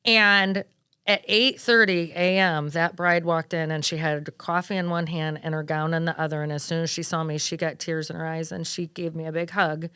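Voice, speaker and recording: Smooth-voiced woman telling lively stories. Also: sits low, moderate pace, dry recording, clean studio sound. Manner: lively, animated storytelling. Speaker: wedding planner guest. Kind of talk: casual podcast interview storytelling.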